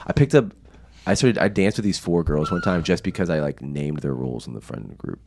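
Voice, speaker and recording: A man's voice: a bass voice, expressive, a little fast, vocal fry, darkish tone, a little hiss or hum. A young American man, a podcast guest, telling stories casually, swearing often and laughing. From United States. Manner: profane, laughing storyteller. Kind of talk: casual storytelling.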